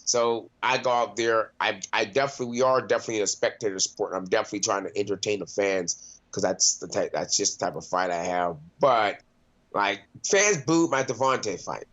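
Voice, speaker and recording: A man's voice: fairly low pitch, brisk, fairly bright tone, lo-fi sound. A man, a mixed martial arts fighter, chatting casually in an interview, loose and profane with lots of laughs and restarts. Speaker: MMA fighter, interview guest.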